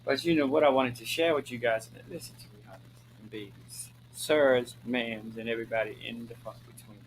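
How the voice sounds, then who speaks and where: With a medium-pitched voice at a fairly quick clip, the Maryland-born host chats casually to camera on his own show, sassy and flamboyant, swearing freely and addressing viewers as honey and girl. He gets preachy and emphatic, repeating lines for effect. The audio is poor, with slight background noise.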